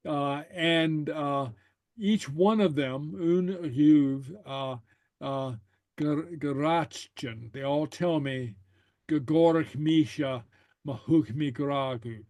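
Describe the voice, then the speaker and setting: A man's voice: on the high side, slow pace, a little mellow, no room sound. A man teaching a language class, patiently saying phrases and translating them line by line. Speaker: Gaelic teacher.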